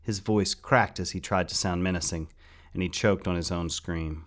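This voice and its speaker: Deep-voiced male storyteller. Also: level tone, moderate pace. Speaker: narrator. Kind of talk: scripted audiobook narration.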